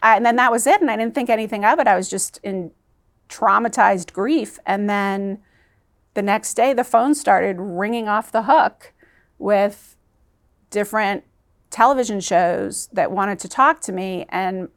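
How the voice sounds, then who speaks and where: A woman sits as a guest in an interview and tells a painful personal story. Her voice sits at a middle pitch. She is earnest and emotional, and she halts at times. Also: measured pace.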